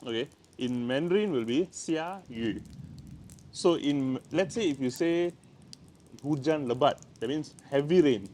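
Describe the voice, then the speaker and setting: A man's voice: fairly high pitch, measured pace, mellow, slight background noise. Man, Malaysian English accent, playful casual teacher; spontaneous handheld-camera feel by a house door. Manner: chatty, playful, repeats words. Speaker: language teacher. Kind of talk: casual outdoor language lesson. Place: by the door of a house, outside in the rain.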